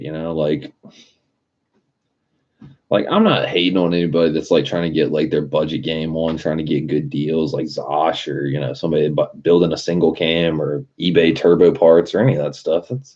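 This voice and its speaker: This young livestream host's pitch is extremely low and a little mellow, and he talks at a moderate pace. He rambles through stories casually, laid-back and profane. The stream audio is dull and lo-fi, with music running underneath.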